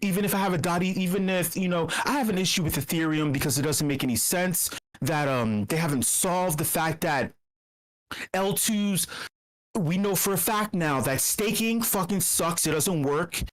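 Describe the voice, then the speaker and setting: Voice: medium pitch, normal speed, poor audio. A meetup host ranting in casual commentary. They ramble, swear and stammer through repeated words, with a sarcastic, irreverent edge.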